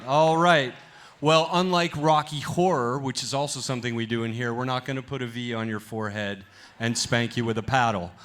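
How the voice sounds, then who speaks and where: Man, theater director, live stage welcome, energetic, joking with the crowd, stage mic. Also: medium pitch.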